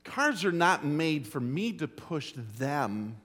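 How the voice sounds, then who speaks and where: A middle-aged man preaching a sermon as pastor, telling a folksy story with emphatic, drawn-out phrasing. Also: on the high side, sing-song, a bit bright. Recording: long hall reverb.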